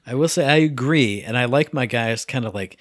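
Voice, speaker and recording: Male co-host, lively gaming banter, goofy impressions, dry close sound. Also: mid-range voice, a little fast, dry recording. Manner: animated, slips into silly impressions. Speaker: podcast co-host. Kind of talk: casual gaming chat.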